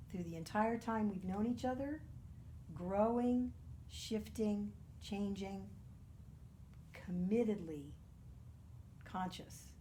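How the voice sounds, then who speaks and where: A woman minister speaks with gentle, earnest warmth in a spiritual talk and often drops her voice to a hushed near-whisper. Her voice sits in a middle range. A faint noise floor runs under the recording. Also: medium pitch.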